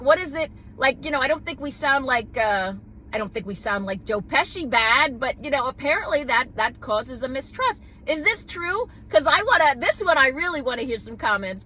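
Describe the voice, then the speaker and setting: A middle-aged woman from New York with a New York accent, hosting a casual podcast in a rambling, animated way from her parked car. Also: on the high side, a little hiss or hum, poor audio. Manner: rambling, animated, self-interrupting with laughs. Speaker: podcast host. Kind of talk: casual chat.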